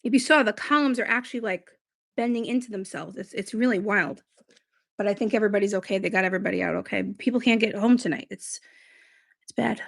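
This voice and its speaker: A woman chats casually on a beauty livestream and reads out viewer comments as she goes. She rambles in a relaxed way. Her mid-range voice has a gravelly, fried edge. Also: medium pitch, fast, no room sound, clean studio sound. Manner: chatty and rambling. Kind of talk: casual live-stream chat, reading viewer comments.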